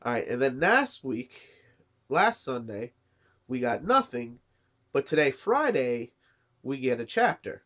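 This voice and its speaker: A man's voice: medium pitch, big pitch swings, a little slow, pauses often, fairly bright tone. A man who is sick and coughing, casually reviewing a manga chapter and rambling with many fillers. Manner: rambling, lots of "you know" and "uh". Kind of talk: casual chat.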